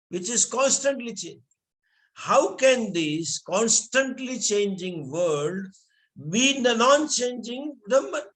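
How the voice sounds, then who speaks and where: A man's voice: sits high, fairly bright tone. A man teaching a scripture class, asking rhetorical questions and reciting Sanskrit verses. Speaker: spiritual teacher.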